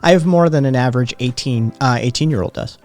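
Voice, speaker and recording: A man's voice: mid-range voice, fast talker, a little mellow, faint music behind. A man hosting a livestream, chatting casually with viewers in a brash, teasing, profane way. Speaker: livestream host.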